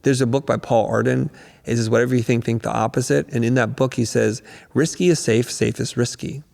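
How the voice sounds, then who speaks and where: Middle-aged male guest, gravelly, animated storyteller, reverberant hall sound. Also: mid-range voice, a little fast. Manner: animated storyteller, acts out quotes. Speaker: guest, creative business coach. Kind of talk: podcast interview storytelling.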